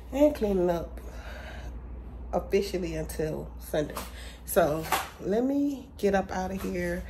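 A woman hairstylist talking casually and emotionally to her vlog viewers from her salon, chatty and slangy, calling them y'all. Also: on the low side. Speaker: hairstylist and vlogger. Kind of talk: casual vlog talk to camera. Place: her salon shop, indoors. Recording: noticeable background noise.

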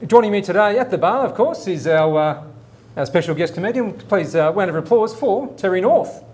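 A man hosting a comedy show, relaxed and full of fillers. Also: high-pitched, brisk, slight background noise. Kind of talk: casual hosting.

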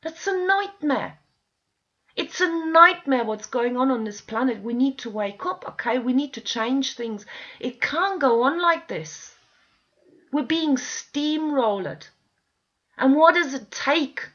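A woman with a high voice delivers a frustrated, pleading rant to her viewers from home. She swears freely and keeps pressing her audience to listen. The recording sounds dull and lo-fi. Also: lively intonation, slow, a bit bright. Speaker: video blogger. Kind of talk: impassioned ranting monologue. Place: at home with dogs nearby.

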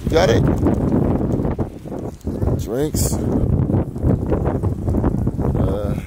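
Relaxed, slangy young dad vlogging. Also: male voice, mid-range voice, extremely slow, very noisy. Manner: relaxed, slangy, playful teasing with his children. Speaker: vlogger and father. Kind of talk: casual vlog chat.

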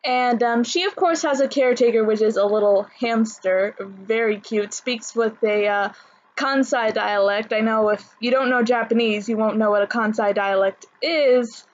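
A woman's voice: on the high side, fairly even intonation, moderate pace, dull audio. A woman talking casually in a vlog, chatty and full of fillers and restarts. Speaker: anime vlogger.

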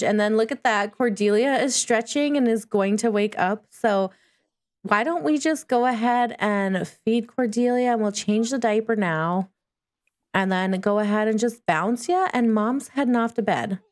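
A woman giving chatty, playful commentary while playing a life-simulation game, talking back to the characters on screen. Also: fairly high pitch. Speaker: gaming video host. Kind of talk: casual gameplay commentary.

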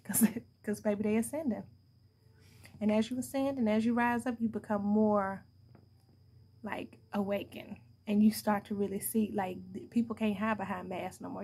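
A woman's voice: mid-range voice, fairly even intonation, normal speed, creaky, dark tone, breathy edge. A young adult woman giving a casual tarot reading to her viewers, blunt and profane, laughing often as she talks. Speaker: tarot card reader.

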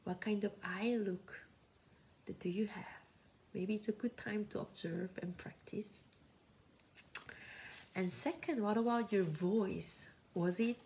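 A young woman with a Korean accent, a native Korean speaker, teaching counseling skills in a slow, gentle, often whispery voice. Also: mid-range voice, vocal fry, a little hiss or hum. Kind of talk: soft-spoken teaching talk.

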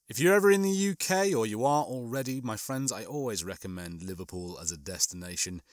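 A man's voice: on the low side, brisk, hardly any pauses, no room sound, clean studio sound. Man reading a comic novel aloud. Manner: animated, chatty asides. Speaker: audiobook reader.

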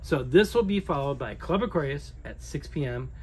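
This is a man with a somewhat high, bouncy voice that rises and falls a lot. He runs a casual dive shop newsletter with playful asides. A faint hiss sits under the recording. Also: animated, normal speed, darkish tone. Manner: playful, jokey self-corrections. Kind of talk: casual promotional newsletter chat.

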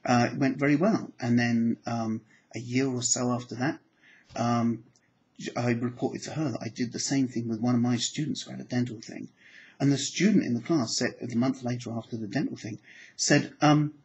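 A man, a hypnotherapy trainer, telling anecdotes in a relaxed teaching talk, slipping into soft hypnotic phrasing and acting out the people he quotes. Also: mid-range voice, a little fast, highs cut off.

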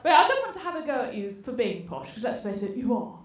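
A woman's voice: a little high, big pitch swings, fast. A woman from England doing a stand-up comedy set on a theatre stage, teasing the audience in a brash way. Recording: roomy theatre sound from a distance. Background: audience laughter.

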